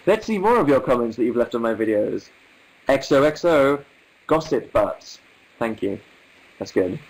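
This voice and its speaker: A man's voice: mid-range voice, lively intonation, measured pace, creaky, pauses often, rough recording. A young English man hosting a casual livestream, reading viewer comments aloud with wry, amused asides in an articulate manner. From England. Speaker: livestream host.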